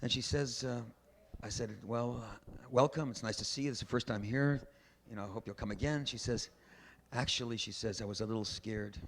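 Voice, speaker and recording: A man's voice: medium pitch, fairly quick. A man preaching as a rabbi, telling a story and pushing his points with emphatic, preachy bursts. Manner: emphatic, preachy, builds to loud exhortations. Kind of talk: sermon with storytelling. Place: large synagogue hall. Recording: faint background noise, archival event recording.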